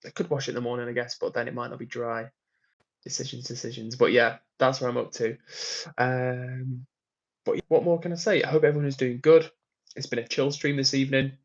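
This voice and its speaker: A man's voice: medium pitch, fairly even intonation, a little fast, lo-fi sound. A man casually chatting on a livestream while away on a work trip, reading out viewer comments and laughing often. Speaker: livestream host. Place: hotel room on a work trip.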